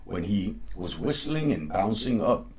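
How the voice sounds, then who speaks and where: Man reading a folk tale aloud, breathy husky voice, bouncy delivery. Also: fairly low pitch, very animated, unhurried, a little mellow. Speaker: podcast host and storyteller.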